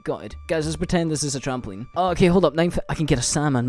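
A young man commentating a live gaming stream, excitable, swearing casually and laughing often. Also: fairly high pitch, fast, few pauses, faint music behind.

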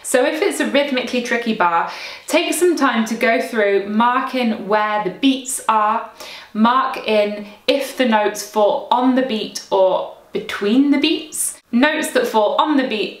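A woman teaching recorder practice tips in a clear, encouraging way, sometimes singing rhythms aloud. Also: a little high, unhurried, roomy sound.

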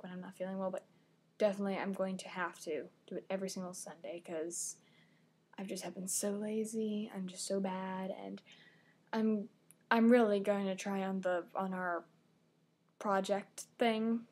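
Teen girl vlogging, rambly and excitable, keeps correcting herself, mid pitch. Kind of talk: casual chat.

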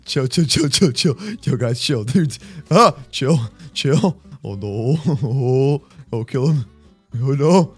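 A young man with a high, bright, sharp voice gives excitable gameplay commentary. His pitch swings widely as he yells at enemies and laughs, while light music plays underneath. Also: normal speed. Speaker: gaming YouTuber.

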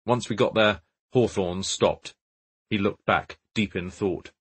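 A man reads a crime novel aloud in a measured, low-key voice. His tone is low and husky throughout. The reading is calm and steady. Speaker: audiobook narrator. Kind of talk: scripted narration.

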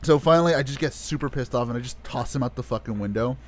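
A man co-hosting a casual podcast in a profane, animated way, telling a story and acting out what he said. His voice sits at an ordinary middle pitch for a man. He talks loosely, like he is chatting with friends. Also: fast, no room sound. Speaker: podcast co-host.

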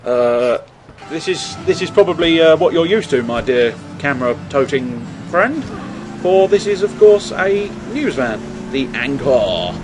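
A man's voice: fairly high pitch, animated, a little slow. Sweary, chatty man gaming. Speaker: let's play host. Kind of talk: gameplay commentary. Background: game sounds and music.

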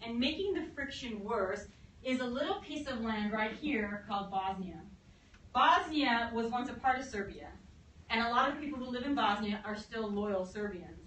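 A bright, high-voiced woman teacher lectures at speed and slips into quick comic voices for the countries she describes. The sound is roomy and a little distant, like a classroom heard from the back with a faint hum behind. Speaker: history teacher. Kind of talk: fast, animated classroom lecture. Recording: echoey room, mic at a distance.

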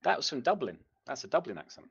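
A man's voice: mid-range voice, sing-song, fast, gravelly, dull audio, a crowd in the background. A man joking around and laughing in a casual group voice chat.

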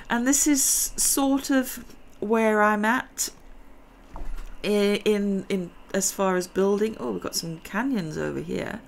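A woman's voice: mid-range voice, creaky, a little mellow. A middle-aged woman, chatting and giggling her way through a let's-play game session. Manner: chatty, rambling, giggly asides. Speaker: gaming video host. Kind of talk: casual let's-play commentary.

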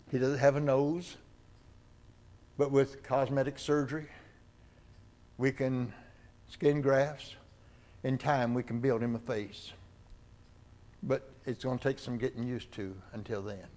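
A man's voice: medium pitch, fairly even intonation, a little slow, pauses often. An older man preaching, telling a long personal story and acting out the voices of the people in it as he goes. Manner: acts out dialogue in the story, with rises and falls in loudness. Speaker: pastor. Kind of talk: sermon storytelling. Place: church sanctuary.

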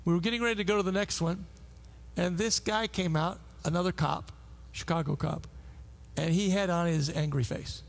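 A man preaching a sermon, telling stories in an animated way with frequent restarts. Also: high-pitched, moderate pace, vocal fry. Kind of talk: sermon with storytelling. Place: church service.

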